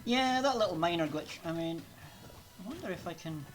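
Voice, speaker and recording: A man's voice: high voice, animated, moderate pace, background noise. A man streaming a video game live, chatting casually with viewers and laughing often.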